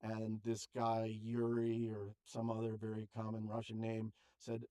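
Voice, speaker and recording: A man's voice: fairly low pitch, completely flat delivery, a little slow, mellow. An older man interviewing a guest in a chatty, self-deprecating way, often trailing off. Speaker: interview host. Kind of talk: casual conversation.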